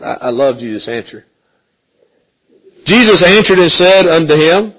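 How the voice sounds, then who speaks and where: A man leads a Bible study, reading verses and then unpacking them with questions for his listeners. His voice sits slightly high, and he keeps checking in with a quick "okay?". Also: lively intonation, fairly bright tone, rough recording. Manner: questioning, repeats "okay?" often. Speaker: Bible teacher.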